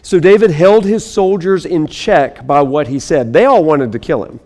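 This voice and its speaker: A male pastor with a slightly raised pitch delivers a sermon. He reads scripture with dramatic swings in loudness, then drops into casual, conversational asides. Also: animated, moderate pace, in a large hall.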